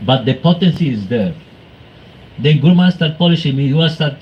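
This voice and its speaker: A man's voice: fairly high pitch, fast talker. Man telling devotional stories. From Venezuela. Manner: animated storytelling, acting out quoted exchanges. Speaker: devotee speaker. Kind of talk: devotional talk with anecdotes. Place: temple hall. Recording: muffled, with faint background noise.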